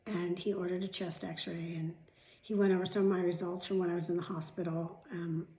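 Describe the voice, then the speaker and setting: A woman's voice: fairly low pitch, little pitch movement, brisk, warm tone, a little hiss or hum. A middle-aged woman vlogging at home, chatting casually to the camera with rambling asides and the odd swear word. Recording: echoey room.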